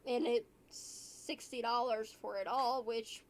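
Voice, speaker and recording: High-voiced woman hosting a podcast. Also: fairly even intonation, takes it slowly, slight background noise. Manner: earnest, thinks aloud, asks guests questions. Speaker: podcast host. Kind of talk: casual chat.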